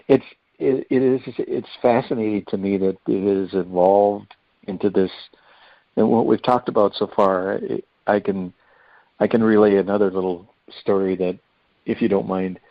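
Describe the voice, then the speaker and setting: Older guy rambling thru a folksy story, low voice, dull dry lo-fi sound. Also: fairly even intonation, unhurried, dry recording. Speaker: hospice volunteer guest. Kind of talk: anecdotal storytelling in an interview.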